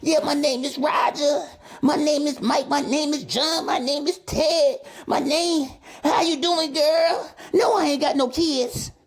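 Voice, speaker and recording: A man voicing a smooth-talking, lying pickup artist who sweet-talks women in a comedic vlog. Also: very high voice, steady tone, a little slow, voice pushed up.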